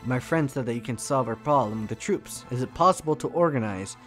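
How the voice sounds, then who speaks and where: A man's voice: mid-range voice, brisk, fairly bright tone, soft background music, lightly acted. A man voicing a proud, legendary male war hero who talks bluntly. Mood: formal.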